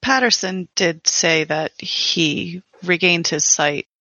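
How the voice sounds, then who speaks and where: A woman's voice: lowish voice, slow, pushed and bright, no echo. A woman playing a tabletop game, speaking in character in an earnest, concerned way. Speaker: player.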